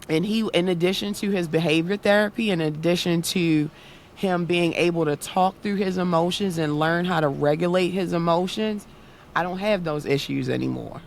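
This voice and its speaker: Earnest woman with a gravelly edge. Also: on the low side, slight background noise. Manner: earnest storytelling, acting out quoted voices. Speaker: guest, content creator and autism awareness activist. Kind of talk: casual interview talk.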